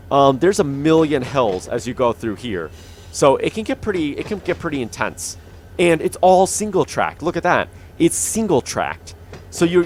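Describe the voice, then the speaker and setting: A man's voice: on the high side, slight background noise. A young man giving casual, rambling commentary on his own gameplay, with many fillers and restarts, into a studio mic. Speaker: gaming channel host. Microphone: dynamic studio mic.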